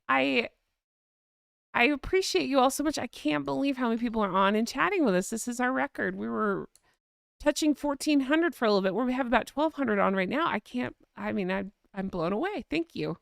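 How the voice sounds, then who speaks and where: A chatty woman hosts a live stream, reading viewer comments aloud with a gushing, easily amused manner. Her voice sits a little high, with a smooth, resonant tone and a gravelly fry at the ends of phrases. The sound is close and dry. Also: dry recording. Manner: chatty and gushing, quick to laugh. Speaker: host of a live-stream chat.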